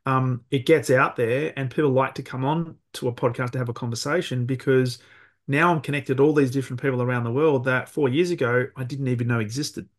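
A man's voice: medium pitch, fairly even intonation. Reflective male podcast host. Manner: reflective, halting restarts. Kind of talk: casual interview talk.

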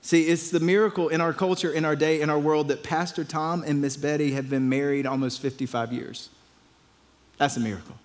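A man's voice: a little high, steady tone, a little fast. Man preaching in a reverberant hall. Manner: storytelling, conversational, repeats phrases. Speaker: pastor. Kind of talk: sermon.

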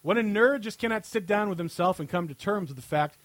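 This man's high voice has lively intonation and a brisk pace as he reads a satirical article on his podcast. Sarcastic and laughing often, he's captured in a dry recording.

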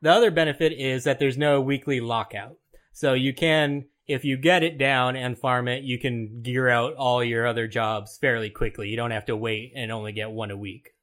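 A man's voice: mid-range voice, fairly even intonation, moderate pace, fairly bright tone. A man co-hosting a casual gaming podcast, blunt and grumbling, swearing freely. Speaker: podcast co-host.

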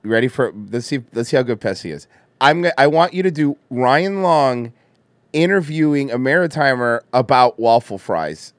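A man's voice: medium pitch, animated, moderate pace, no room sound. A man hosting a podcast in loose, laughing, profane banter. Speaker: podcast host. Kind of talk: casual chat.

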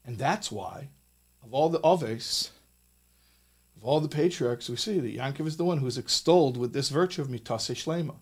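Animated, emphatic man teaching Torah. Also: medium pitch, moderate pace, breathy edge. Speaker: rabbi teaching a Torah lesson. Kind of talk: recorded Torah talk with a closing blessing. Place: studio.

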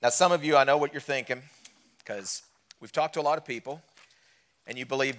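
A man serving as guest preacher at a church service speaks fairly quickly through his sermon. He questions the congregation directly, alternating forceful, loud passages with hushed, low ones.

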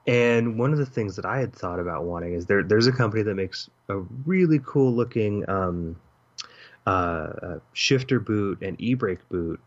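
Low-voiced co-host man on dull lo-fi audio. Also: normal speed. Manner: laughing, stammering, animated storytelling. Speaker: podcast co-host. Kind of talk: casual podcast chat.

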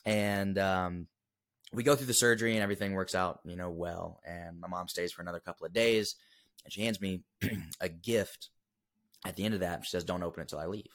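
Young guy w a really deep low voice, earnest and emotional, lots of ums and restarts, podcast guest. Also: steady tone, normal speed, a bit bright. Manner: earnest, emotional storytelling with frequent fillers. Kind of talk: casual storytelling interview.

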